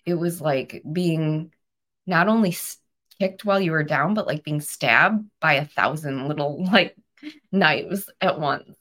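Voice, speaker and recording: This deep-voiced woman in her thirties speaks a little slowly. As a podcast guest, she retells a personal story in an animated way, earnest and full of emotion.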